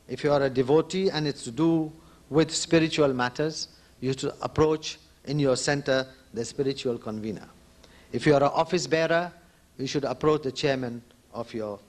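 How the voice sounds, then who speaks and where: A man addressing devotees at a conference as an organization leader, speaking earnestly and repeating key points for emphasis. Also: a little high. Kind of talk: conference speech. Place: conference hall.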